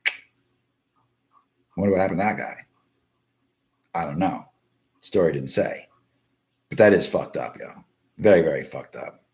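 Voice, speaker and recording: A man's voice: sits low, animated, normal speed, long pauses. A man hosting a casual live stream, commenting on the news in a blunt, constantly swearing rant. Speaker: live show host.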